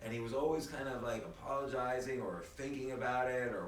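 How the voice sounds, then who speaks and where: Animated man, distant and echoey. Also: medium pitch, a little fast, slight background noise. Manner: animated storyteller, many restarts. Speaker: guest. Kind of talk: casual conversation. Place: apartment room. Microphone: phone recording from across the room. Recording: echoey room, distant phone mic, faint ambience.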